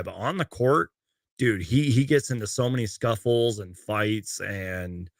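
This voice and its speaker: Gravelly low-voiced man hosting a livestream. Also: a little slow, dry recording, studio quality. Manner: reads out game stats and viewer comments, loose and rambling. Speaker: sports fan livestream host. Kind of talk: casual live-stream chat.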